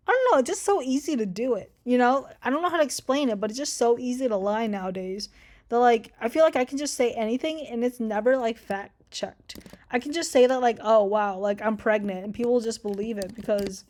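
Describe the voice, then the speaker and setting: Young woman, casual vlog monologue, slightly high voice, rambling and expressive, swears a lot. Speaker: vlogger. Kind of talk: casual unscripted monologue to camera.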